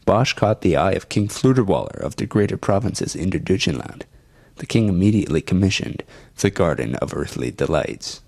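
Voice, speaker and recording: A man narrating a documentary in a measured, formal way. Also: low voice, lively intonation, gravelly, a little mellow, no echo.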